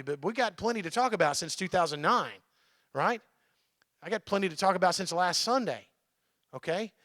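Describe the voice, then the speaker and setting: Male pastor, dry close sound, bright tone, chatty sermon delivery. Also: sits high, dry recording. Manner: conversational, checks in with the crowd. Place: church.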